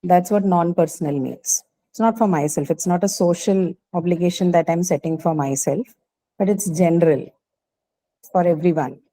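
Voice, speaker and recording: A woman's voice: fairly low pitch, moderate pace, mellow, rough recording. A woman teacher explaining a grammar point patiently in an online class, often checking in with the students. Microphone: video call.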